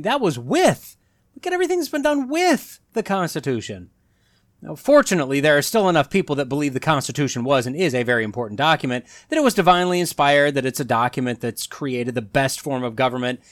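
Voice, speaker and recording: A man's voice: on the high side, no room sound, clean studio sound. A man hosting a solo commentary podcast, talking with sarcastic, mocking asides. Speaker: podcast host.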